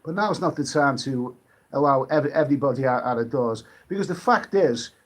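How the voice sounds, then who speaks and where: A British man hosts a laid-back late-night live stream, his voice mid-range and his pace moderate. He rambles and chats, frequently starting sentences over and reading out comments from viewers.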